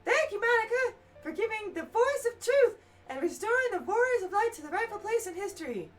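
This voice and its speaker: A woman doing a fawning young male scribe from a fantasy game, voice pitched way up with a hammy Southern drawl, all courtly phrasing and eagerness to please. The sound sits a bit back from the mic, faint music underneath. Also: big pitch swings, brisk, far from the mic. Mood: eager. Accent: put-on Southern US. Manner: over-polite, eager to please.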